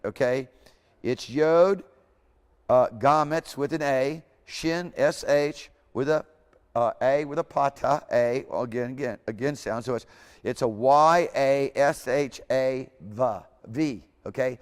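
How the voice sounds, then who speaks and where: A man lecturing a class in an informal, rambling way, correcting himself as he goes and repeating words aloud for students. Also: mid-range voice. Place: lecture hall. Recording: hall reverb.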